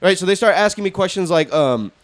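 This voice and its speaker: A man with a high voice tells a story on a podcast at a brisk pace, keeping it casual. He's animated and swears freely, acting out what other people said.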